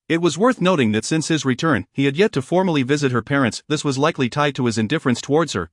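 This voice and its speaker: A male narrator reads a scripted romance story in a steady, measured manner. His pitch is an ordinary middle range. The recording is dry and close, with no room sound at all.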